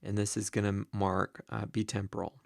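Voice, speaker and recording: A man teaching the Greek grammar of a Bible passage, slow and deliberate, with many ums and uhs. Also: fairly low pitch, completely flat delivery, gravelly, no room sound, clean studio sound.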